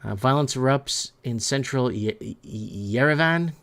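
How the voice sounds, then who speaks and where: A man's voice: medium pitch, measured pace, a bit bright. Rambling talk-show host man. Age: adult parent of three. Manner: rambling and emphatic, often stumbling over words. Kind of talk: casual news commentary while browsing headlines.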